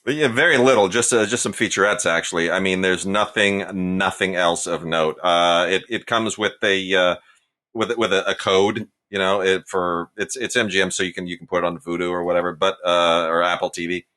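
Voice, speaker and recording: A man's voice: low-pitched, steady tone, moderate pace, pushed and bright. A man in his forties co-hosting a podcast, giving casual, opinionated film reviews with emphatic delivery. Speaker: podcast co-host.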